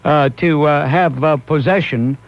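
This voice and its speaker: A man's voice: a little high, measured pace. A man hosting a call-in talk radio show, urging listeners on and answering callers. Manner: emphatic, exhorting listeners. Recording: muffled lo-fi 1990s AM radio recording.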